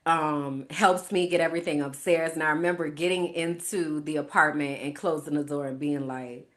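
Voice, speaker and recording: An American woman hosting a podcast, telling a personal story in a lively way, laughing often and acting out her own reactions. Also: sits low, normal speed. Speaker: podcast host.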